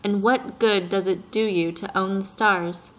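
A woman's voice: mid-range voice, steady tone, unhurried, close to an everyday voice, poor audio. An earnest young boy asks question after question, curious and persistent, as a woman reading an audiobook puts him on. His tone stays simple and sincere.

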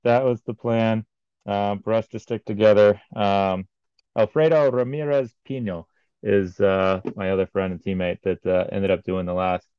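Man, triathlete, casual podcast chat, low smooth voice, dry and slightly dull sound. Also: steady tone, moderate pace, no echo. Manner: rambling, many ums and uhs. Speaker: triathlete recounting a race.

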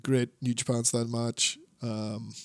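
A man's voice: mid-range voice, flat delivery, unhurried, dry recording. A man co-hosting a podcast, chatting casually and rambling about wrestling, swearing and laughing often. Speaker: podcast co-host.

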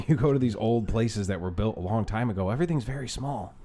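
A man telling a story in casual chat, animated and profane, often laughing. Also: on the low side, quick pace. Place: bar room.

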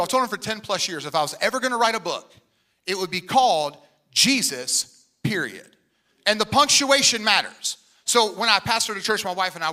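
A man's voice: sits high, pushed and bright. A middle-aged male pastor preaching a sermon with energy and humor, often quoting people in put-on voices.

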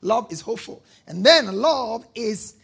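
A male pastor preaching a sermon, repeating key lines, prompting the congregation to answer and bursting into shouts on key points. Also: very high-pitched, animated, a little slow, creaky, breathy edge.

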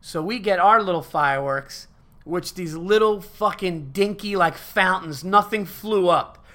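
Animated, profane man with a bright voice. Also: high-pitched, unhurried. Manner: animated, profane, rambling with fillers. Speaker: podcast host. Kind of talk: casual storytelling chat.

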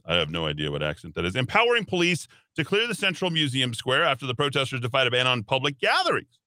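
A man hosting a talk radio show, giving opinionated commentary in an animated, sarcastic, rambling way. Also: mid-range voice, fast, no room sound. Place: radio studio.

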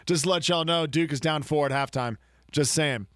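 A man chatting loosely about sports on a podcast, excitable and quick to joke. His voice sits a little high for a man. The sound is dry and close, with no room around it. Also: no echo. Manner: excitable, rambling, joking. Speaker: podcast co-host. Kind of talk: casual sports chat.

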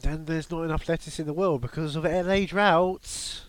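A man's voice: on the high side, steady tone, normal speed, no echo. A man hosting a casual comedy podcast, riffing in a jokey, mock-serious way.

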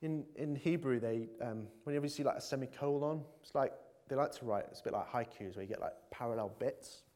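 Earnest preacher, hesitant then emphatic. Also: male voice, mid-range voice, fairly quick, warm tone. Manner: earnest, hesitant with many fillers, builds to emphatic appeals. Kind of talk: conversational sermon.

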